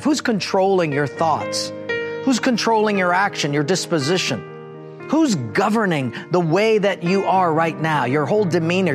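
A middle-aged pastor preaches a sermon, telling a personal story and acting out an argument in a raised, animated voice that sits high.

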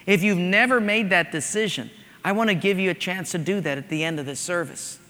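A man's voice: high-pitched, brisk, pushed and bright. A man preaching a sermon in a church, talking conversationally and telling stories. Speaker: pastor. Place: church sanctuary. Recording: large hall with long reverb.

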